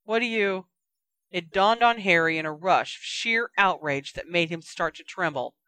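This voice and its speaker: Brief: woman storyteller, measured narration, lowish voice, dry booth. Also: animated, sharp tone, no echo. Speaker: audiobook reader.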